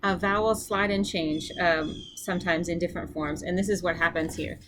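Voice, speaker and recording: A woman's voice: fairly low pitch, steady tone, normal speed, fairly bright tone, slight background noise. A woman teaching a recorded language lesson. She drills word forms and explains as she goes, upbeat and encouraging, with fillers as she thinks aloud. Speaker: Greek teacher.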